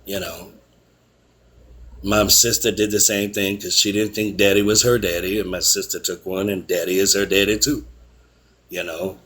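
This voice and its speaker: A man in his forties telling a personal story in casual chat, animated and acting out what others said. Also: normal speed. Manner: animated, acts out quotes with raised pitch.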